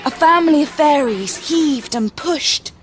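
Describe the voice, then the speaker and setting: A woman reading a children's storybook aloud in a gentle, expressive way. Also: high-pitched, measured pace, faint music behind. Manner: gentle, expressive, varied pacing.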